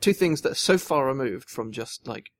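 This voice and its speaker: A man's voice: mid-range voice, expressive, moderate pace. A young man chats casually on a podcast. He tells long, rambling stories and keeps restarting his sentences as he goes. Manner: rambling storyteller, many restarts and fillers. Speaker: podcast co-host. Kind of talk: casual chat.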